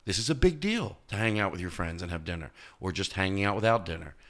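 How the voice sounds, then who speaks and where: A male comedian talking as a podcast guest, telling stories in an animated way and jumping into high, loud voices when he quotes people. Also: brisk. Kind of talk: casual interview chat.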